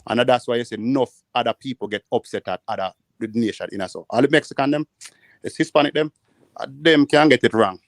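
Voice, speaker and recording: A Jamaican man telling rambling, animated stories in patois during a casual panel chat. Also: mid-range voice, quick pace, no echo, clean studio sound. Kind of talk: casual storytelling. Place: living in the United States.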